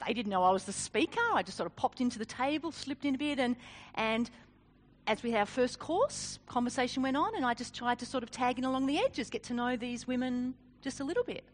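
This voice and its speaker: A woman gives a sermon built around a personal story. Her voice sits high and moves all over the place as she talks. She is animated, pokes fun at herself and laughs easily. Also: fairly quick. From Australia. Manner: animated, self-deprecating, laughs often. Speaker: speaker.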